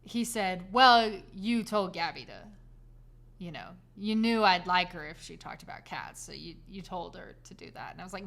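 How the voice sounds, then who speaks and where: Animated woman telling a podcast story. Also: lowish voice, moderate pace, creaky. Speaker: podcast co-host. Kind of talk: casual chat.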